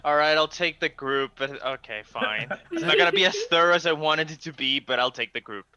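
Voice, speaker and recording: A man playing in a tabletop game, teasing the others and talking in a lively way. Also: on the high side, brisk. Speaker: player. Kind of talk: casual tabletop play.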